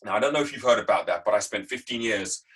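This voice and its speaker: This fast-talking Englishman, appearing as a guest speaker on a video call, shares work-life stories in an emphatic, repetitive motivational talk. He has a fairly low, husky voice with a fairly bright tone, captured in a low-quality recording.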